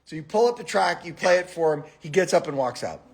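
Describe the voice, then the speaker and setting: Gravelly, husky man telling stories. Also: a little high, fast. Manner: animated storytelling, swearing, rises to shouts. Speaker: podcast host. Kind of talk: casual profane chat.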